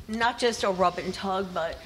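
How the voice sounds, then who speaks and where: A woman guest tells candid stories on a podcast, blunt and unbothered by swearing. She laughs easily as she talks. Her voice sits at an average pitch for a woman. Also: moderate pace, fairly bright tone, slight background noise. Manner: frank, profane, laughing. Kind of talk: casual storytelling.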